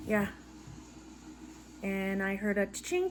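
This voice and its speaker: A middle-aged woman crocheting and chatting casually at home, rambling and tired, yawning between soft laughs. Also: lowish voice, a little slow, long pauses, background noise. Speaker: crochet vlogger. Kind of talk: casual chat while crocheting. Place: living room at home. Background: faint background audio playing.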